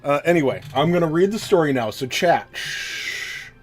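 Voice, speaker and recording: A man's voice: a little high, lively intonation, quick pace, soft background music. A man chatting casually on a live stream between story lines, swearing, joking at his own expense and easily sidetracked. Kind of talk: casual live-stream chat, reading a game story aloud.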